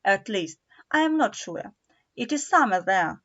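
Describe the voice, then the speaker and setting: A woman's voice: medium pitch, sing-song, measured pace, fairly bright tone, muffled recording, heavily acted. A woman voicing a curious, polite young girl who sounds a little puzzled.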